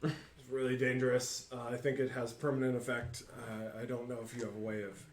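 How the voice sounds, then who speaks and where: A man's voice: medium pitch, flat delivery, brisk, a little hiss or hum. A man playing in a tabletop game, speaking in a matter-of-fact way. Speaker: player. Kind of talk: tabletop role-play banter. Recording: roomy and distant from the mic.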